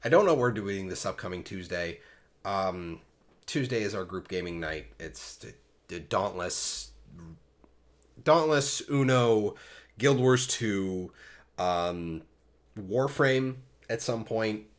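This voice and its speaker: This gaming podcast host from Pennsylvania speaks slowly and expressively in a low voice. Jokey and self-mocking, he wanders through his remarks and hands the talk off to others.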